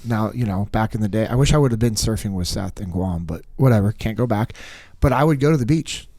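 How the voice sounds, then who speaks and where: A man with a low-pitched voice chats casually on a podcast and tells a personal story. He acts out what people said and trails into fillers as he goes. The sound is dry and close, with no room around it. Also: a little fast, no room sound. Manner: animated storyteller, acts out quotes, many fillers. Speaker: podcast guest. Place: podcast studio.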